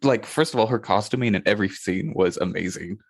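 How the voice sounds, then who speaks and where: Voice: low voice, quick pace, no room sound, clean studio sound. Laid-back opinionated podcast co-host. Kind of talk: casual movie review chat.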